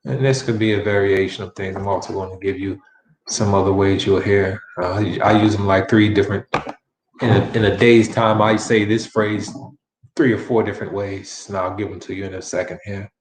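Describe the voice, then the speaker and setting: A man's voice: lowish voice, steady tone, moderate pace, reverberant, slight background noise, low-quality recording. A man teaching a live-streamed Spanish lesson, chatty and repeating each phrase many times for practice.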